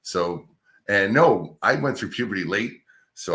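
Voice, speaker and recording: A male radio host from New York's Capital Region, telling stories from his career in a relaxed, chatty interview. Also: lowish voice, brisk. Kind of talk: casual interview storytelling.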